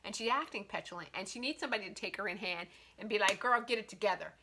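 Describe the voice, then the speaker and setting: A woman's voice: medium pitch, fast, a little hiss or hum. A woman chatting animatedly about a romance novel in a casual book review vlog, with lots of "like" between her thoughts. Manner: chatty and animated, heavy use of "like".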